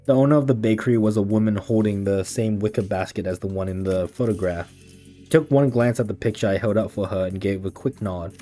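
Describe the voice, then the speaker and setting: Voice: mid-range voice, fast talker, dark tone, soft background music. A streamer reading a game story aloud, with giggly, chatty asides. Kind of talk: casual game playthrough reading.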